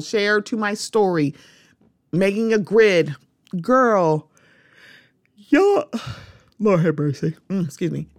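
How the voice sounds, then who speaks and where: A woman talks through her opinions on her own podcast, animated and direct with her listeners. Her voice sits in a middle pitch. The recording is dry and close, with no room sound. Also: no room sound. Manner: animated, repeats "the thing about it is", talks straight to listeners. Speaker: podcast host. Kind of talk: casual opinion monologue.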